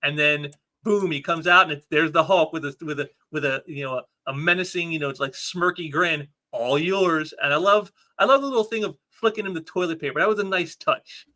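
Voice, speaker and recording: A man's voice: on the high side, a little fast, bright, forceful tone. A man reviewing a comic book on his own show, casual, enthusiastic and rambling with many restarts.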